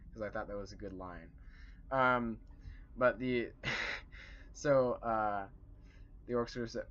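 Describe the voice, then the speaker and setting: A man's voice: lowish voice, bright, forceful tone. A man recapping a tabletop game session as dungeon master, rambling with many fillers. The recording is dull and lo-fi. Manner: rambling, lots of fillers and restarts. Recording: dull lo-fi recording with faint hiss.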